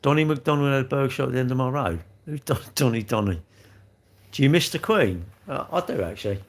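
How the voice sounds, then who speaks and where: A man's voice: mid-range voice, fairly quick. A man, hosting a casual livestream, rambling and joking at himself as he answers viewers' comments and laughs often. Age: 60s. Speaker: livestream host.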